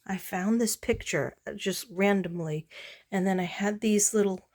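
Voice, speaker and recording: In a casual late-night vlog, a woman artist talks through her work, sounding tired and wandering from thought to thought with lots of pauses and filler words. Her pitch is medium and a little mellow.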